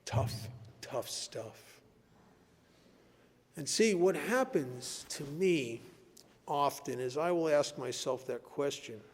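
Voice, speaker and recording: A man speaking at a recovery meeting, telling stories in an animated way and laughing at his own tales. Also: fairly high pitch, a little slow. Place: meeting hall. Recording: echoey hall recording.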